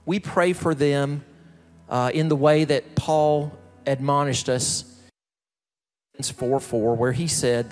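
A male pastor from the American South delivering a slow, emphatic sermon, building up repeated phrases. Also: on the high side. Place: large church sanctuary. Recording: reverberant hall with soft music behind.

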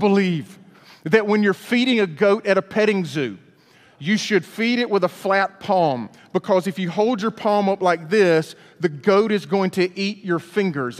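A man from Alabama, preaching a storytelling sermon in a folksy, animated way. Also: high-pitched. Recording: long hall reverb.

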